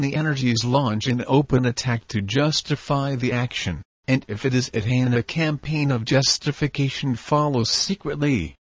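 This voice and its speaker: A man's voice: mid-range voice, dry recording. Man reading formal prose, dry sound. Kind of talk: reading a nonfiction text aloud.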